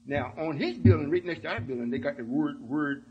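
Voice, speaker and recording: A man's voice: fairly high pitch, brisk, a little mellow, lo-fi sound, a little hiss or hum. A man giving an emphatic sermon-style talk to his followers, often checking that they understand. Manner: emphatic, keeps asking "you see?". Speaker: religious speaker.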